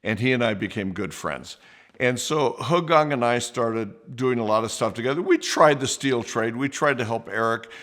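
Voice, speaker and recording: Speaking at a medium pitch, this man hosts a podcast and recounts a personal story in a lively way, full of restarts and acted-out quotes.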